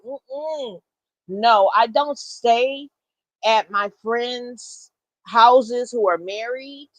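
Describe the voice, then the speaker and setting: A woman telling a story in a blunt, animated way. She swears freely and talks straight to her listeners as y'all. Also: fairly high pitch, very slow, no room sound, low-quality recording. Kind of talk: casual storytime.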